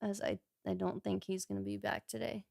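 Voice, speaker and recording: A woman's voice: medium pitch, little pitch movement, brisk, creaky, darkish tone, dry recording, clean studio sound. A woman co-hosting a live stream in casual chat, friendly and encouraging.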